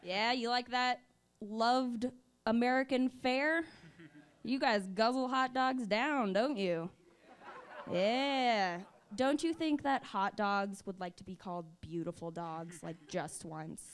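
A woman doing a stand-up comedy set on stage with a handheld mic, deadpan and drawn-out with sudden brash outbursts. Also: fairly high pitch. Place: comedy stage with a live audience.

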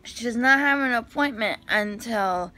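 A woman's voice: a little high, unhurried, pushed and bright, faint music behind. A woman vlogger casually recapping her day to camera in a rambling, filler-heavy way.

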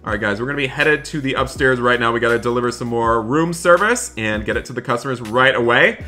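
Guy narrating a roleplay game, super bright voice, chatty with viewers, music low behind. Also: animated, fast, hardly any pauses. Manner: talks to viewers, switches to polite hotel-worker voice. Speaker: gaming roleplay host. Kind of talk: roleplay commentary.

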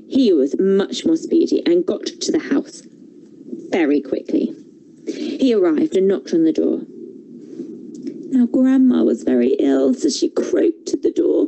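A woman telling a fairy tale for children in a theatre workshop, expressive and playful. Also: medium pitch, low-quality recording. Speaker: storyteller, theatre workshop leader. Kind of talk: animated storytelling for children.

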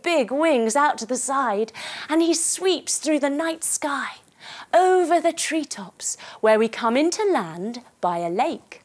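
A woman's voice: sits high, animated, slow. A woman leading a children's yoga class through a story, giving encouraging instructions and making playful sound effects.

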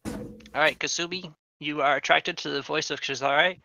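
A man's voice: fairly high pitch, steady tone, normal speed, vocal fry, pushed and bright, a little hiss or hum. A man running a tabletop game as game master, dry and wry.

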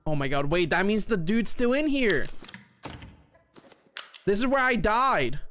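A man streaming a horror game live, excitably chatting with his viewers as he plays. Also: high-pitched, a little slow. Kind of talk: live gameplay commentary.

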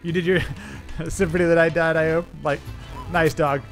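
A man's voice: fairly high pitch, normal speed, faint music behind. A man live-streaming a retro game, chatting with viewers and laughing at his own mistakes. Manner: animated, laughing, self-deprecating, talks to chat. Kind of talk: live gameplay streaming chat.

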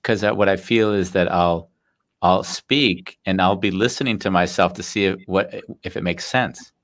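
A man's voice: deep voice, normal speed, a bit bright. A man hosting a live talk show, musing in casual conversation. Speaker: host.

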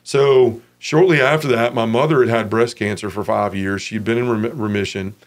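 A man's voice: lowish voice, fairly even intonation, moderate pace. A man in his forties from Memphis, giving a frank, casual personal testimony as an interview guest.

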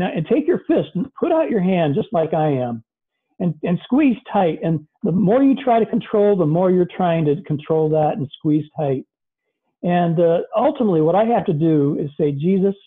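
A man's voice: sits high, animated, moderate pace, husky. A man preaching a sermon over a video call, talking in an earnest, conversational way with many fillers. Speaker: pastor. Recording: tinny lo-fi video call audio.

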